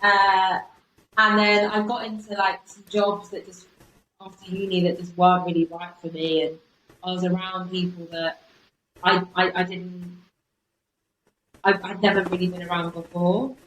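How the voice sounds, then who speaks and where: Frank young woman, softened Bristol accent. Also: fairly low pitch, moderate pace. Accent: softened Bristolian English. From Bristol, England. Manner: frank and expressive, with slang and many restarts. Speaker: guest, coach and content creator. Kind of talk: casual chat. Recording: roomy sound with faint background noise.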